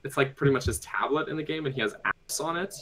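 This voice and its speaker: A man's voice: mid-range voice, quick pace, a bit bright, rough recording. A man chatting on a gaming podcast, rambling with lots of fillers and little laughs. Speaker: podcast guest. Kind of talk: casual podcast chat.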